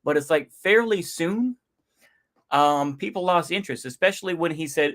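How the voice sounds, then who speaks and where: A man's voice: a little high, expressive, normal speed, a bit bright. A man giving casual reaction commentary, rambling and slangy, with frequent sighs and chuckles. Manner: slangy, sighing, laughing to himself. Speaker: YouTube commentator.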